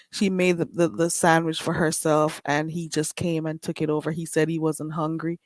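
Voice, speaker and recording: A woman's voice: deep voice, level tone, normal speed, a little mellow, no room sound. Blunt Caribbean woman streamer. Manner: blunt, chatty, frequent laughs. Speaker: livestream host. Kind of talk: casual live-stream chat.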